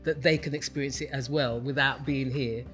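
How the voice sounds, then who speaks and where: Woman actor, round-table guest, bright, emphatic, expansive. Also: a bass voice, fairly even intonation, normal speed, faint music behind. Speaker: lead stage actor. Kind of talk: round-table cast chat.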